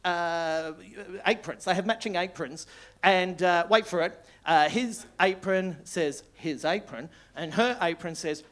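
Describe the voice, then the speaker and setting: A man's voice: sits high, measured pace, fairly bright tone. A man with an Australian accent doing live stand-up, rambling through stories and tagging lines with "right?". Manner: rambling storytelling with many "right?" tags and laughs. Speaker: stand-up comedian. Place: small comedy club with live audience.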